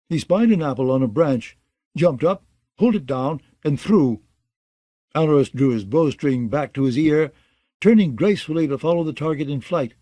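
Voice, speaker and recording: A man narrating a fantasy audiobook in a steady, even reading style. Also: a little high, normal speed, dry recording.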